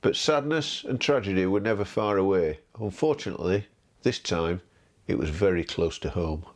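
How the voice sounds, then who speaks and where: A man giving scripted documentary narration in a measured, expressive way. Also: sits low.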